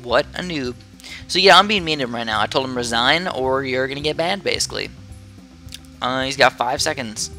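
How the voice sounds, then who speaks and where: A man's voice: medium pitch, brisk, pushed and bright, soft background music. A man chatting casually into a headset as he plays and comments on a tower defense game from his room, rambling and easily distracted. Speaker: gaming commentator.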